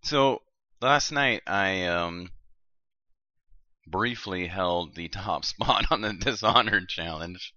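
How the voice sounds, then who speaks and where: Profane, laughing man, bright and dry. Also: low-pitched, slow pace, no room sound, dull audio. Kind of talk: casual podcast chat with friends.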